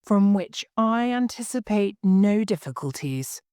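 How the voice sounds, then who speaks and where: A woman voicing a kindly old gentleman lawyer who explains matters slowly, in a polished and formal way. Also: mid-range voice, expressive, clear, resonant tone, dry recording, clean studio sound, lightly acted. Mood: patient. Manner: careful, polished, slow explaining.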